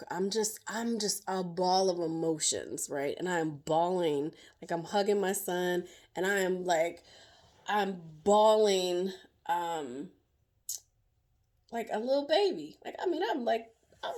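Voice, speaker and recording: A middle-aged woman sharing her own story as a survivor, in emotional, halting personal testimony full of fillers and restarts. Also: lowish voice, lively intonation, darkish tone.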